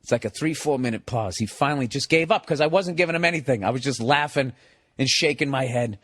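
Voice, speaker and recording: A man, a comedian, telling a story in a loud, profane, animated way and laughing as he goes. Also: medium pitch, fast, no room sound, clean studio sound. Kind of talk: casual comic storytelling.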